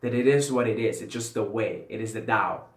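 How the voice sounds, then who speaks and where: This man's voice is on the low side and brisk as he vlogs a loose, philosophical talk to camera, circling back on phrases for emphasis and cursing casually. There's a roomy echo.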